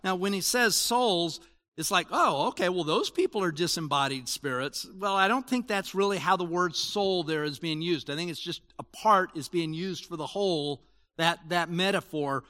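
A man in his sixties preaching a sermon in a conversational way, moving between loud emphasis and quiet asides. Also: high voice, normal speed. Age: 60s. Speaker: pastor.

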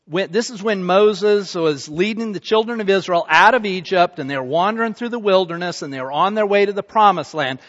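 A pastor with a high voice for a man tells a scripture story in a loose, chatty way, dropping in asides and checking that the people are following. The recording sounds dull and muffled. It has the long reverb of a church hall. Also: a little fast, hardly any pauses, fairly bright tone. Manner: conversational storytelling with fillers like "you know" and "okay?". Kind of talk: sermon.

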